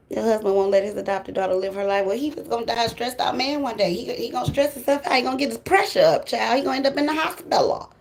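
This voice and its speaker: A woman's voice: high-pitched, darkish tone. A woman who hosts a tarot channel, talking to viewers in a blunt, profane casual monologue and laughing often. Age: adult with grown children. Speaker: tarot reader and channel host.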